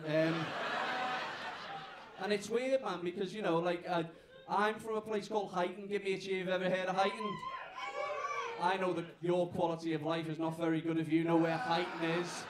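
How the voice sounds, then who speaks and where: A young man from the north of England with a Liverpool accent, doing a rambling, self-mocking stand-up set and chatting with the crowd. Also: a little high. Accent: Liverpool (Scouse). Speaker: stand-up comedian. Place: comedy club stage with live audience. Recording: echoey club room with noisy crowd.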